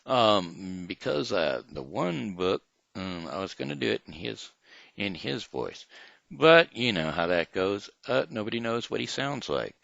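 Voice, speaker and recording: A man's voice: fairly low pitch, big pitch swings, a little slow, vocal fry, a bit bright, dry recording. A man hosting his own daily show, chatting in a rambling, hesitant way full of fillers and reading a children's story, with a dull lo-fi sound. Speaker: host of a daily home show. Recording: dull lo-fi, dry.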